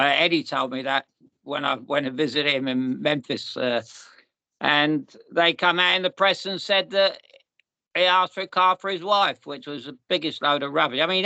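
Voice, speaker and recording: A man's voice: on the high side, bright, forceful tone, no echo. A man, hosting a podcast and telling long rambling stories in a casual chat. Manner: rambling, restarts and repeats, storytelling. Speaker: podcast host.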